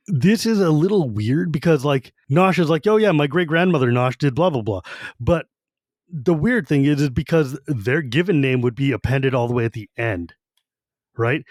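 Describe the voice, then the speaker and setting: A man co-hosting a podcast, talking casually about a fantasy novel and acting out its quotes with animated energy. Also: mid-range voice, no echo, clean studio sound. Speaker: podcast co-host. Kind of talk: casual book discussion.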